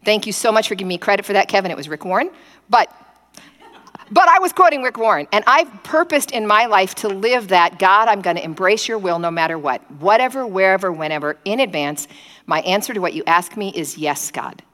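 A woman preaching a sermon, telling stories in an animated way and acting out prayers in quoted voices. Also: mid-range voice, fairly quick, big-room sound. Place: indoor gathering space.

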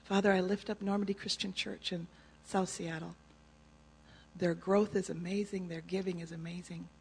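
A person prays aloud in an earnest, steady way. The voice sits at a middle pitch with a gravelly edge, and a faint hiss runs under it. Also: moderate pace, rough recording. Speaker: guest praying. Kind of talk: spoken prayer.

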